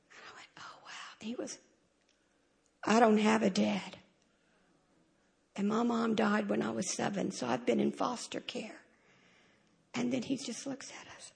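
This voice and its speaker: Woman, church testimony, high bright voice with a husky edge, animated and funny. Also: unhurried. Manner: lively, humorous, acts out the dialogue. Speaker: church speaker sharing a testimony.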